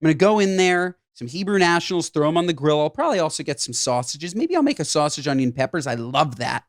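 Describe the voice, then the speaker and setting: A man co-hosting a podcast in casual chat, talking in an animated, jokey and emphatic way. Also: on the high side, quick pace, dry recording, studio quality. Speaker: podcast co-host.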